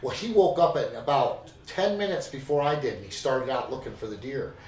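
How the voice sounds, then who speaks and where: A man telling a long hunting story on a podcast, animated and full of swearing, recorded in an echoey room with the mic set back. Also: mid-range voice, brisk, distant mic. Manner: animated, profane yarn-spinning. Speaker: podcast guest. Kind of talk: casual storytelling.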